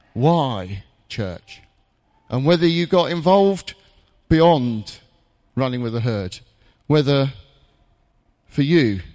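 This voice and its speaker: A man preaching a jokey, conversational sermon in a church, with dramatic pauses. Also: mid-range voice, in a large hall.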